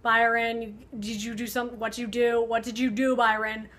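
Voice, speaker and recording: A woman's voice: on the high side, little pitch movement, normal speed, a bit bright, natural voice. A woman voicing an indignant young woman who scolds a friend in exasperation.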